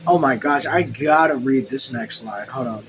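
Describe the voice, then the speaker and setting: A man hosting a casual book read-along at home, reading the text and even the punctuation aloud, then breaking off into excited, swear-filled asides. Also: mid-range voice, normal speed, slight background noise, rough recording. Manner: reads quotes and punctuation marks aloud. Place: his room at home.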